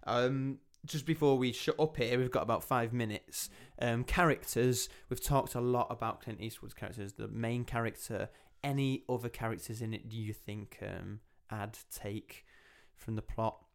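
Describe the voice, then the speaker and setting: A man's voice: mid-range voice, normal speed, vocal fry, few pauses. Chatty young man hosting a film podcast. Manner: chatty, animated, quotes scenes in lively voices. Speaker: podcast host. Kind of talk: casual film review chat.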